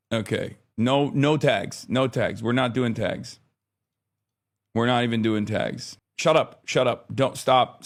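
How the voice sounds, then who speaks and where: A man in his thirties chatting casually on a live stream, rambling, often exasperated, swearing now and then. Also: medium pitch.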